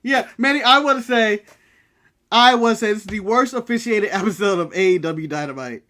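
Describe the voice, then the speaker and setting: A man's voice: high voice, a little fast, sharp tone. A man from the United States co-hosting a casual wrestling recap podcast, ranting and joking in a brash way. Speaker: podcast co-host.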